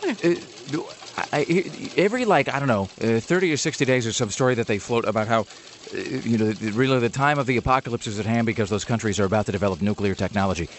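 Fast-talking sarcastic radio co-host man. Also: medium pitch, a little hiss or hum. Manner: sarcastic, rambling riffs. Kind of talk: casual comedic chat.

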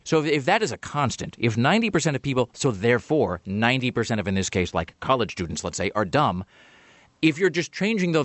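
Brief: fast, sardonic male talk radio host, dry close studio sound, rambling delivery. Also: medium pitch, no echo. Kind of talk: casual talk radio banter.

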